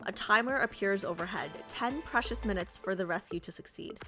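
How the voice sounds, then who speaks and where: A woman's voice: medium pitch, brisk, sharp tone, soft background music. A woman casually reading a game story aloud, breaking off for chatty, joking asides.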